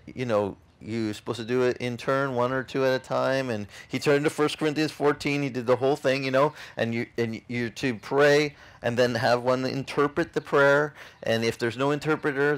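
A man's voice: mid-range voice, fairly bright tone. A male pastor telling a story in a sermon, in a casual, conversational way with many "you know"s.

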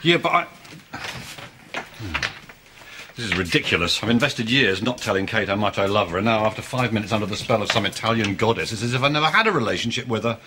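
A man's voice: on the low side, expressive, a little fast, background noise, natural voice. An actor playing a neurotic, lovesick counsellor who frets and dramatizes his feelings in a studio sitcom. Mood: fretful. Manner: anxious, self-dramatizing. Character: neurotic lovesick man, overthinks everything. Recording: studio sitcom with loud audience laughter.

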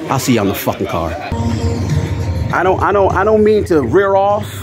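A man's voice: sits high, sing-song, normal speed, music in the background. A man filming a casual toy-hunting vlog on a handheld camera, swearing a lot and ranting heatedly. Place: convention floor and stores, indoors.

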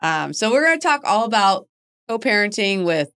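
A woman's voice: medium pitch, sing-song, moderate pace, pushed and bright. A woman in her forties hosting a podcast, chatting casually, laughing often and poking fun at herself. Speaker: podcast host. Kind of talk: casual chat.

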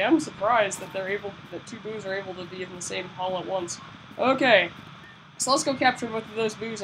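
A woman's voice: a little high, rough recording. A woman giving casual, chatty gameplay commentary, often self-mocking and urging herself on. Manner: chatty, self-mocking, repeats "come on" under pressure. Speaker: video game let's-player.

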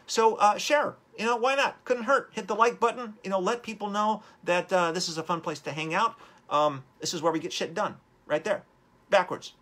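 A man's voice: high-pitched, normal speed, a bit bright. A man hosting a live-streamed motivational talk, upbeat and rambling as he urges viewers on. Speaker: host.

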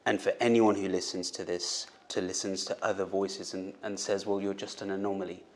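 A man with a fairly low voice hosts an interview. He asks his questions in an earnest, emphatic manner. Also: level tone, brisk. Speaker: host, doctor.

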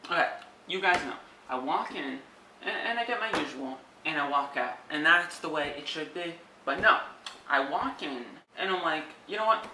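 A man's voice: a little high, animated, moderate pace, sharp tone. A man playing a self-absorbed, impatient movie studio boss who whines dramatically. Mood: dramatic. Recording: echoey room, distant from mic, faint background noise.

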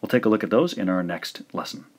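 A man narrating a recorded language lesson, speaking slowly and carefully and repeating each pronunciation. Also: fairly low pitch, animated. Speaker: language teacher.

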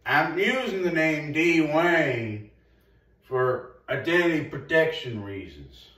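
Slow, profane man, echoey and distant. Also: fairly high pitch, lively intonation, a bit bright. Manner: profane, rambling, laughs at himself. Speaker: vlogger. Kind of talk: crude comic monologue. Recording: roomy echo, far from the mic.

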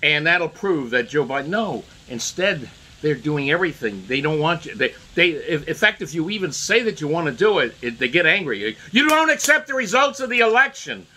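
Male vlogger, raised pitch, bright tone, stumbling repetitive delivery. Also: animated, low-quality recording. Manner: halting, repeats words while restarting. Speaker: political commentator. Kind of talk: casual monologue to camera.

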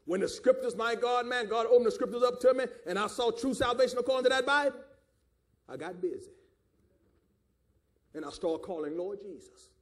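A man with a Southern American accent preaches in a strikingly high voice. His sermon runs fiery, rising into shouts and drawing call-and-response. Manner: Southern preacher cadence with calls of "my God" and "do you understand". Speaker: pastor.

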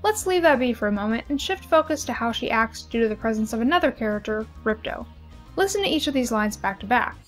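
A young woman giving an expressive, analytical video essay commentary with lively emphasis. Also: fairly high pitch, fast talker, soft background music.

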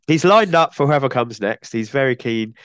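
A man's voice: mid-range voice, animated, moderate pace, a bit bright, dry recording. A man hosting a film podcast with a cold, chatting casually and often ending points with tag questions. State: has a cold. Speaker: podcast host.

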